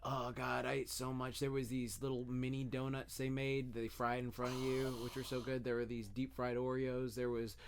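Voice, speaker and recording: A young man co-hosting a podcast, telling animated stories in a casual, swearing way. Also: medium pitch, moderate pace, hardly any pauses, slight background noise. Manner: animated storytelling, swears, does silly voices. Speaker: podcast co-host. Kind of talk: casual chat.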